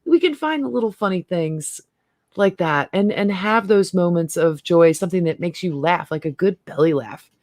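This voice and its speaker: Chatty low-voiced woman host. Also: lively intonation, moderate pace, a little mellow, no room sound, clean studio sound. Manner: chatty, laughs often, trails off and restarts. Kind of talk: casual group chat on a livestream.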